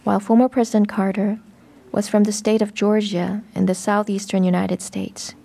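A woman reading a translated sermon in a measured, even way. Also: medium pitch, gravelly. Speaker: voice-over reader of a sermon.

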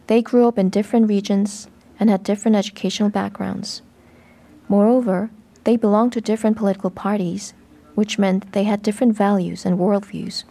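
A woman reading a translated sermon in a measured, even way. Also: mid-range voice, vocal fry. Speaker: voice-over reader of a sermon.

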